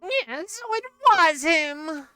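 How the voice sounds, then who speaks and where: An excitable young man who is easily outraged, pitched well above the performer's own voice and booming out loudly. A man plays him in a game let's play. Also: slow pace, heavily acted. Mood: excited. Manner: raised, shouting outbursts.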